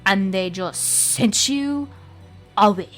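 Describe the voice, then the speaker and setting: A woman voicing a fussy, frustrated knight, ranting quickly and in exasperation about rigid rules. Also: mid-range voice, lively intonation, fairly bright tone, faint music behind. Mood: exasperated.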